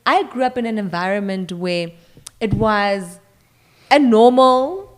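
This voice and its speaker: A South African woman in her thirties co-hosting a casual chat, lively and quick to laugh, often talking straight to viewers. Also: medium pitch. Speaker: co-host.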